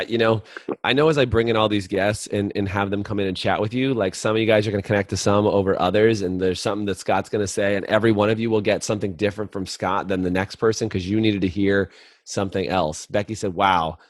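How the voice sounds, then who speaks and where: A man hosts a group coaching call, sounding upbeat and encouraging as he draws people in. His voice sits on the low side. It is recorded dry, with no room sound. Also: fairly even intonation, quick pace, dry recording. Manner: upbeat, encouraging, inviting the audience. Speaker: host and business coach. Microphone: video call.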